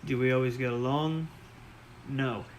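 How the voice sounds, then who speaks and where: A man voicing a steady male adventurer who speaks plainly. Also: mid-range voice, unhurried, slight background noise, close to an everyday voice, rough recording. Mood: reminiscing.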